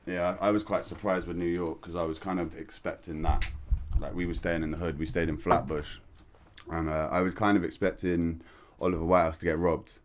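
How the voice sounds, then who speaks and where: A man's voice: deep voice, little pitch movement, brisk, slight background noise. A young man hosting a podcast, chatting in slangy, swear-heavy talk. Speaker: podcast host. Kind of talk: casual podcast chat.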